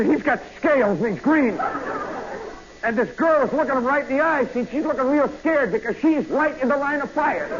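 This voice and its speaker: A man telling a comic story in a live radio monologue, swinging from hushed asides to loud yelps. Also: very high-pitched. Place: nightclub stage. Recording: muffled vintage radio broadcast with hiss.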